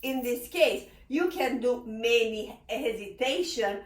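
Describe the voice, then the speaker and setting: Slow-talking piano teacher woman in an echoey room. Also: a little high, recorded from a distance. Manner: expressive, sings phrases, laughs often. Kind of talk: piano lesson explanation. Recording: roomy echo, slightly off-mic. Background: piano playing.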